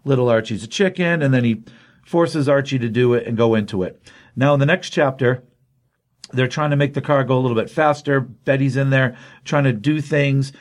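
A man's voice: medium pitch, moderate pace. Rambling, enthusiastic male comics host. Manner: rambling, enthusiastic, filler-heavy. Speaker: podcast co-host, comics reviewer. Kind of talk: casual chat, retelling a comic plot.

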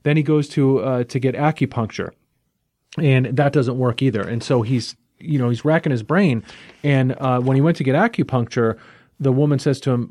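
A man's voice: mid-range voice, normal speed, a little mellow, no echo. Chatty man recapping a comic, dry sound. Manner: rambling, with many fillers and restarts. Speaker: comic book podcast host. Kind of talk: casual chat recapping a comic.

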